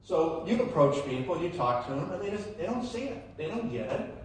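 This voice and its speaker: A man delivers a rousing motivational talk to a packed hall, his fairly high voice jumping into loud, emphatic peaks as he throws questions at the crowd. The sound comes from a phone somewhere out in the audience, so the voice is distant and washed in heavy hall echo. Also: sing-song, a little fast, slight background noise. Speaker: motivational speaker at a sales event. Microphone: phone recording from the audience. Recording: echoey hall, phone-streamed from afar.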